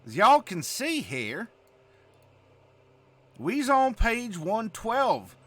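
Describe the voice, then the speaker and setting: A folksy backwoods bumpkin with a thick, exaggerated Southern US drawl, as a man puts him on. He talks high and slow, swooping up and down as he mangles his grammar, and his tone is bright and sharp. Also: wildly swooping pitch, no echo, exaggerated voice. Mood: hammy. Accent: exaggerated Southern US drawl, put on. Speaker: host doing a joke voice. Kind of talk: comic bit in a game-rules discussion.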